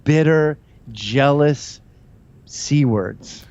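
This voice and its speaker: A male guest on a comedic talk show, making blunt, scornful, deadpan put-downs. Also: on the high side, extremely slow, no echo, muffled recording.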